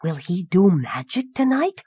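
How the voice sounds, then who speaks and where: A woman voicing a petulant, excitable little prince boy who whines and pouts, heard on a dull, dry old cassette recording. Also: lowish voice, normal speed, no room sound. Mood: excited. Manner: whiny and pouting, then breathless with awe.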